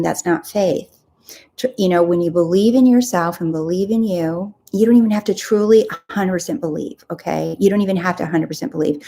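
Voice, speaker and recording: A woman's voice: lowish voice, a little mellow. A woman hosting a live coaching talk, earnest and encouraging, often repeating her phrases. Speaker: host.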